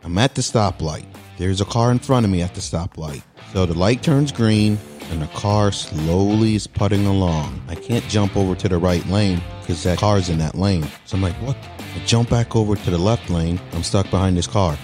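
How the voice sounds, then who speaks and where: A man telling a comic story from his bedroom, exasperated and animated, acting out his own lines in mock dialogue. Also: low-pitched, moderate pace, over music. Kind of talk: comedic storytelling monologue.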